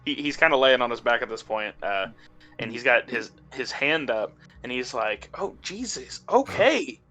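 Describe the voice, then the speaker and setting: A man's voice: mid-range voice, normal speed, sharp tone, soft background music. A man narrating as game master of a tabletop game, loose and chatty.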